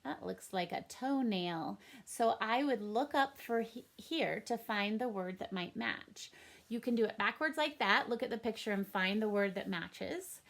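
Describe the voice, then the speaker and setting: A woman's voice: on the high side, a little slow. A woman teaching a first grade reading lesson for a home recording, upbeat and encouraging in a sing-song teacher manner.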